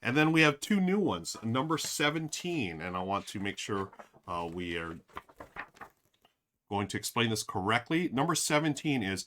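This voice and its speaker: A man with a low, bright, forceful voice runs a casual live stream as he plays a board game. He thinks aloud, fills gaps with "uh," and talks straight to his chat. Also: big pitch swings, normal speed, a little hiss or hum. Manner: rambling, thinks aloud, many fillers; addresses chat directly.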